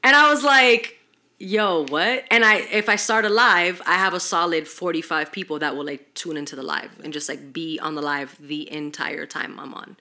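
A woman's voice: low voice, moderate pace, hardly any pauses. A young woman hosting a podcast, telling stories in casual chat with lots of swearing and slang. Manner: animated storytelling, heavy swearing, slangy. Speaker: podcast host.

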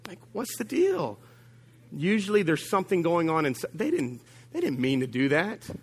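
A man preaching a sermon to his congregation in a slightly high voice. He tells stories with humour, jumps suddenly in pitch and loudness, and calls out to his listeners. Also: moderate pace, husky. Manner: humorous, animated storytelling with big swings of pitch and volume; addresses the congregation directly with call-outs. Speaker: pastor.

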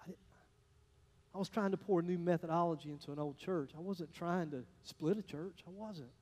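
High-voiced pastor in an echoing hall. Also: male voice, normal speed. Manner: folksy storytelling, animated swings between loud and hushed. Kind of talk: sermon. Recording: echoey hall, long reverb.

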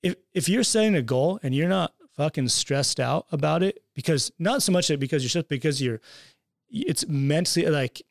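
A man with a gravelly, fry-laced voice, pitched a little above the usual, chats casually as a guest on a podcast. He talks loosely, swears freely and laughs a lot. The sound is dry and close. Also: animated, normal speed, no echo. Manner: laid-back, swears freely, laughs often. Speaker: podcast guest, graphic designer.

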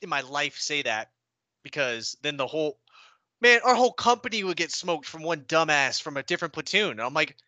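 Young man, podcast co-host; jokey, laughs a lot; bright voice, very lively pitch. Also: no echo. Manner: laughs often, quick jokey asides. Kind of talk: casual chat.

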